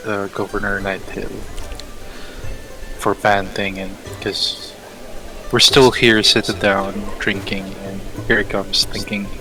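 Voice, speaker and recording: A man speaking as a player in a tabletop game, slow and hesitant with frequent ums. His voice is low, and clear music plays behind him. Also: level tone, low-quality recording. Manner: thoughtful, hesitant, lots of ums.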